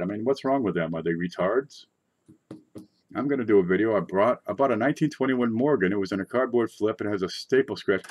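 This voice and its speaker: Rambling, low-voiced male coin show host. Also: fairly quick. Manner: rambling and chatty, with sudden excited outbursts. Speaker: coin collecting channel host. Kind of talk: casual livestream chat. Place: at his desk.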